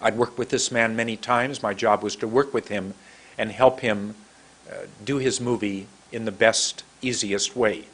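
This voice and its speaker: A middle-aged American man from the United States, with a San Francisco accent, speaks in a lowish, fairly bright voice that is steady and unhurried. As an English pronunciation teacher telling a story to camera, he demonstrates mouth positions and stretches his words long.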